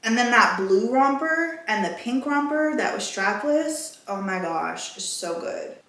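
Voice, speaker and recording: A woman's voice: fairly high pitch, animated, a little slow, a bit bright. A woman chatting casually in a home vlog, rambling and out of breath. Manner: rambling, chatty, self-interrupting. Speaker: vlogger. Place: home room. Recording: echoey room.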